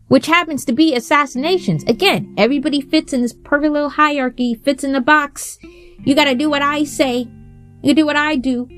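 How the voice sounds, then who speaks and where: Woman host, casual commentary, profane and heated, animated delivery, faint guitar music behind. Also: sits high.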